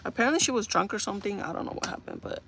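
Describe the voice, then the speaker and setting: A young woman chatting casually to viewers on a makeup livestream, telling stories in an animated, talkative way. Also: mid-range voice, very fast, gravelly, noisy background.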